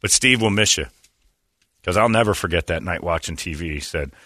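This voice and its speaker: Talk show guy telling funny stories, fairly low voice, bright, dry mic. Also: a little fast, no echo. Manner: animated, acts out voices with loud yelps. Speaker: radio show host. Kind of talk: casual comedic storytelling.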